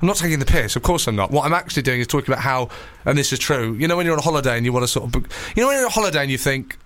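A man's voice: medium pitch, animated, a bit bright. A man hosting a podcast in casual, joking chat. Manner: chatty, jokey, quick back-and-forth. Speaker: podcast host.

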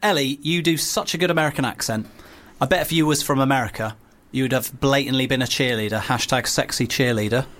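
A woman co-hosting a radio show, teasing and quick, reading out listener messages. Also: rumbling low. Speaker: radio co-host. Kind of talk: casual radio banter.

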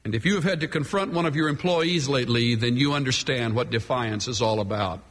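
A man's voice: mid-range voice, fairly quick, a bit bright. A man preaching a sermon from the pulpit, emphatic and dramatic, leaning hard on key words. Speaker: pastor. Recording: long hall reverb.

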